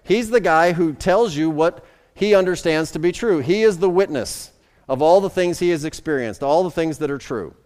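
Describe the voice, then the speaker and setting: A man's voice: fairly high pitch, moderate pace, darkish tone, in a large hall. A male pastor preaching a sermon in a conversational way, often checking in with his listeners. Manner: conversational preaching with repeated checks like "right?" and "okay?".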